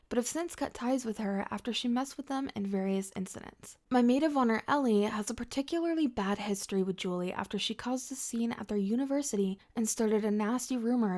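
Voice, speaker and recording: A woman reading first-person drama stories aloud in a steady scripted narration. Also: on the high side.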